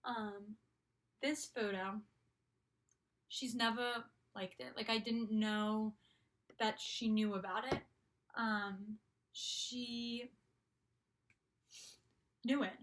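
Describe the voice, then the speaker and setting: A woman's voice: on the high side, fairly even intonation, drawn-out words, long pauses, fairly bright tone. A young woman in her college years telling a story casually, gushing and full of "like" and "um" fillers. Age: young adult. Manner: gushing, filler-heavy, constant "like". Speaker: vlogger.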